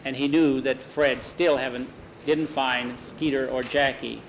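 A man telling a story aloud in a plain, unhurried way. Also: medium pitch, steady tone, lo-fi sound, a little hiss or hum.

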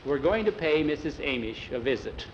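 A steady, sensible grown man, played by a storyteller in close to his own voice. He speaks plainly and calmly, with faint noise in the background. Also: on the high side, normal speed, muffled recording.

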